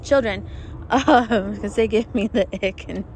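A woman's voice: medium pitch, measured pace, a little mellow, a little hiss or hum. A young woman hosting her own podcast, talking casually and profanely with frequent laughs, recording outdoors in the desert while planes fly overhead. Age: young adult. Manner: chatty, profane, self-mocking, often laughing. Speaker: podcast host. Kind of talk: casual solo podcast monologue. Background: passing airplanes.

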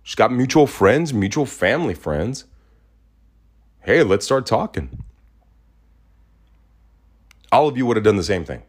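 A man's voice: on the low side, big pitch swings, measured pace, pauses often, slightly rough. A man hosting a podcast, talking in a casual, heated rant, blunt and full of swearing. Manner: profane, indignant, blunt. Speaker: podcast host.

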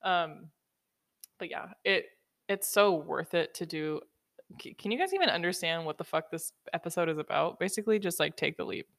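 A woman's voice: fairly low pitch, expressive, moderate pace, vocal fry, a bit bright, no room sound, clean studio sound. A young woman hosting a solo motivational podcast, blunt and profane, giving teasing tough-love advice into a podcast microphone. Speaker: podcast host.

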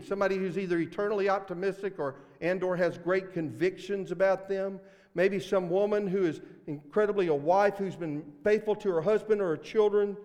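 Man, Mississippi accent, pastor preaching, high voice, earnest, long church reverb. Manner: earnest, swings from loud emphasis to hushed asides. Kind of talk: sermon. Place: church sanctuary.

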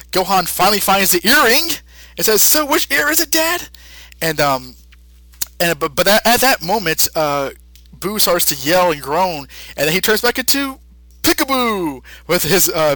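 A male podcast co-host recapping a story in a chatty, filler-heavy way and laughing often. His voice is bright and slightly high, and the recording is dry and close. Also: big pitch swings, normal speed, dry recording, low-quality recording.

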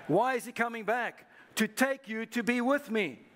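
A man's voice: high voice, normal speed, fairly bright tone, slight background noise. A man preaching a sermon as pastor to a live congregation, prompting the listeners to repeat phrases back to each other. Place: church service.

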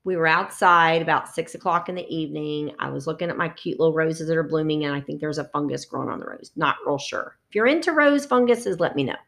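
A woman's voice: low voice, fast, vocal fry, hardly any pauses. A middle-aged woman, a lactation consultant co-hosting a podcast, telling stories in casual chat and acting out the people she quotes. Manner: animated storyteller acting out quoted voices.

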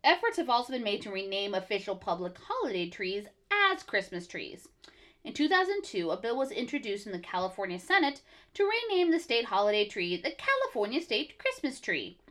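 Sarcastic woman with a lively voice. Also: medium pitch, fairly quick. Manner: sarcastic and blunt. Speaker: podcast co-host. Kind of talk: casual chat, reading from notes.

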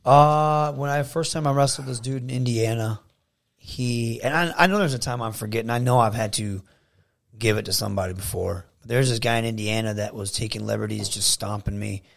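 A man from Michigan talking as a guest on an interview show, telling casual stories in an animated way. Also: medium pitch, a little fast, vocal fry. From Saginaw, Michigan, USA. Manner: animated, acts out quotes in a raised voice. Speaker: guest, professional wrestler.

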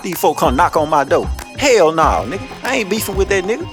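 A man's voice: sits high, brisk, over music. Cursing man ranting in street talk. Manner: blunt, heavy cursing, animated storytelling. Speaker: host of a commentary show. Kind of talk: profane street-talk commentary rant.

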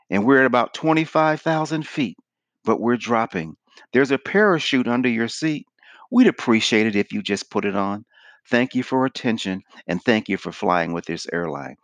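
A man voicing a calm male airline captain making a matter-of-fact announcement. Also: medium pitch, no echo, pitched below the performer's own voice, natural voice.

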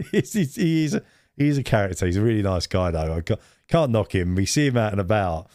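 A man's voice: on the low side, very animated, brisk, a little mellow, dry recording, studio quality. A man co-hosting a casual podcast chat, telling rambling stories and laughing often. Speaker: podcast co-host.

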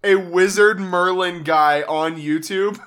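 A man hosting a casual podcast over voice chat, loud, joking and profane. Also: high-pitched, steady tone, takes it slowly, smooth. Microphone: voice chat over the internet.

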